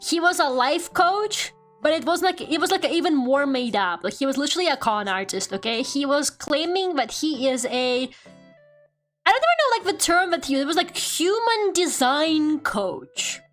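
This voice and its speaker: A woman's voice: high-pitched, moderate pace, faint music behind. A young woman streamer chatting casually and ranting with lots of laughter, fillers and casual swearing. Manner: animated, exasperated storytelling with frequent laughter. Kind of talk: casual chat.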